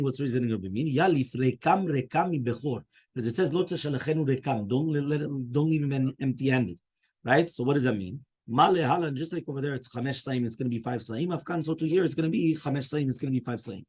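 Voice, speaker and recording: A man teaching a Talmud class, animated and full of "okay?" and "right?", mixing Hebrew and Aramaic terms into English. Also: medium pitch, fast talker, slightly rough.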